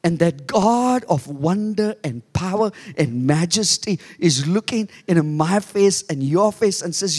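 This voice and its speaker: Slow-preaching pastor, echoey church. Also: male voice, animated, husky. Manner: emphatic preaching, swinging between soft low asides and raised exclamations. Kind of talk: sermon. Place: church hall.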